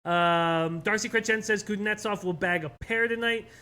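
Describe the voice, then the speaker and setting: A man's voice: high voice, moderate pace, sharp tone, smooth. A man co-hosting a sports betting show, giving his picks in a casual, thinking-aloud way with fillers and repeats. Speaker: co-host, sports betting analyst.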